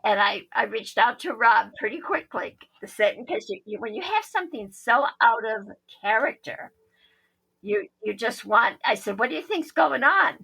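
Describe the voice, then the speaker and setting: Gravelly bright-voiced woman telling a story. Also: on the high side, normal speed, poor audio. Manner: animated storyteller, acts out quoted dialogue. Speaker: psychic medium. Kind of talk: storytelling guest on a podcast.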